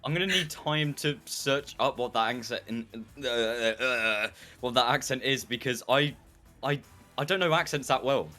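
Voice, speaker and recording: Male esports caster, bright tone, hesitant and giggly, faint music under. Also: medium pitch, normal speed. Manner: hesitant, many fillers, laughs a lot. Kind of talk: casual esports commentary.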